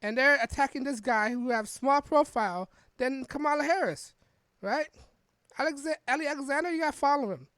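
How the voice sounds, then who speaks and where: Reading an article on her podcast, a woman wanders through casual political commentary full of restarts and tag questions. Her voice is high-pitched, slightly fast and a bit bright, in a dry, clean studio recording.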